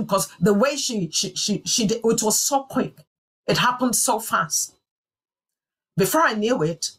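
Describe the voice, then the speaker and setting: A woman's voice: mid-range voice, a bit bright. A woman telling a personal testimony in a sermon, in an earnest and emphatic way. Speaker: church speaker.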